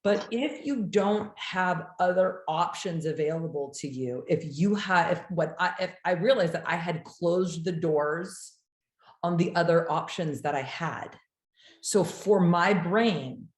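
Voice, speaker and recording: A woman's voice: lowish voice, a little slow. Reflective woman in an echoey room. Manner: reflective, explains with rhetorical questions. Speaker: coach and host. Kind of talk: casual chat.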